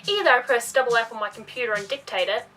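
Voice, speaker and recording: High-voiced young woman ranting, swearing. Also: fast, distant mic, soft background music, low-quality recording. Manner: animated and profane, ranting with mocking asides. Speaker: vlogger. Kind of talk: casual ranting vlog. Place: home room by a bookcase.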